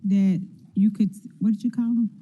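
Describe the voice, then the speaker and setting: A woman's voice: medium pitch, fairly even intonation, normal speed. A councilwoman, questioning officials at a public budget hearing in a folksy, conversational way. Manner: folksy, conversational, with everyday examples. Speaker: city council member. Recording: dull lo-fi meeting audio.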